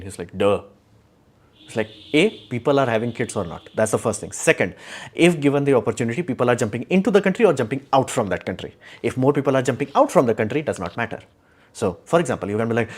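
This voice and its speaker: A man speaks off the cuff on a live stream, his voice sitting at an ordinary middle pitch. He is opinionated and rambling, with frequent fillers and restarts. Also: lively intonation, fast talker, a little mellow. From India. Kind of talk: casual live stream talk.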